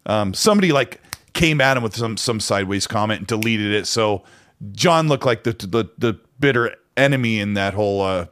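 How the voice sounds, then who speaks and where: A man's voice: on the low side, animated, normal speed, a bit bright. A man co-hosting a casual gaming podcast, talking in a rambling way with frequent restarts. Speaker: co-host.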